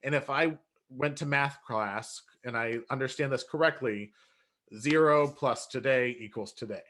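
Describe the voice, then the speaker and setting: A man explaining step by step how to build a workflow in software, relaxed and often correcting himself. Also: mid-range voice, moderate pace. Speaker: software trainer. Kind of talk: screen-share software tutorial.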